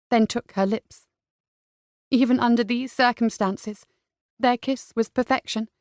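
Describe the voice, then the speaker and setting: A woman reads a romance novel aloud in a smooth, steady storytelling voice pitched a little high. The recording is close and dry, with no room sound. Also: no room sound. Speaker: audiobook narrator. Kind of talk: scripted narration.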